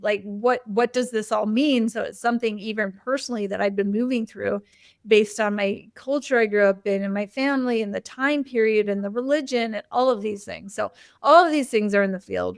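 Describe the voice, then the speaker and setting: A woman's voice: a little high, dry recording, studio quality. A woman hosting a conversation, telling a candid personal story in a loose, open way with frequent "like" and "you know" fillers. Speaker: host.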